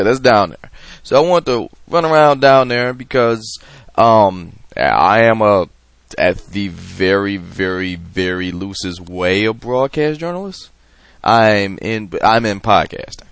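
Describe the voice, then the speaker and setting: A man's voice: lowish voice, a bit bright, dry recording. Rambling casual male podcast host. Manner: loose, rambling, profane storytelling with many fillers. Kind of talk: casual monologue.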